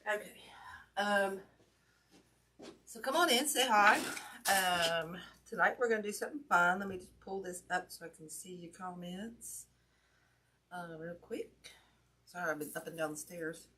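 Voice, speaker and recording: A woman's voice: fairly low pitch, unhurried, long pauses, pushed and bright. A woman hosting a casual craft livestream from home, chatty and apologetic, greeting viewers by name and a little out of breath. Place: indoor home craft room. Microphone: camera mic at a distance. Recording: distant mic with audible background noise.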